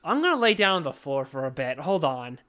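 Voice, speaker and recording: A man co-hosting a podcast while drunk, rambling loudly and swearing in casual chat. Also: a little high, big pitch swings, a little fast, clean tone. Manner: rambling, loud, profane. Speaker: podcast co-host. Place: at home, on the floor.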